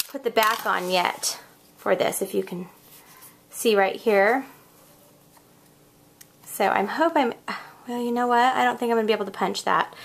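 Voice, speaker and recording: Working away in her craft room at home, this woman chats through a casual tutorial and pokes fun at her own mistakes. Her voice sits at a medium pitch, with a little hiss or hum on the recording and children audible somewhere else in the house.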